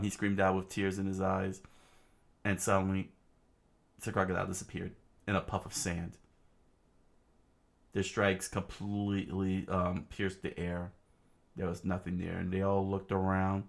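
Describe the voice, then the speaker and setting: Deep gravelly man reading a comic aloud. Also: monotone. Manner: halting, many fillers and restarts, comments on panels. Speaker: reader of a comic.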